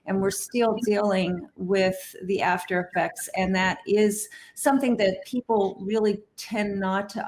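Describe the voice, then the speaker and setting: Woman moderating a video call panel. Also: mid-range voice.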